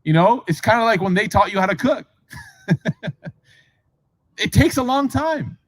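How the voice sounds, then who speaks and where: A man's voice: high-pitched, measured pace, no echo, rough recording. A man telling a religious story in a casual lecture style, acting out the voices of the people in it with many asides to the audience. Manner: animated storyteller, acts out quoted voices, frequent asides. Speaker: preacher.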